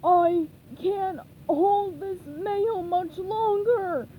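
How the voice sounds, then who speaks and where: A woman's voice: high voice, animated, slow pace, phone-quality sound, a little hiss or hum, voice pushed up. Woman doing a dopey, drawling cartoon starfish. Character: dim-witted friendly male starfish.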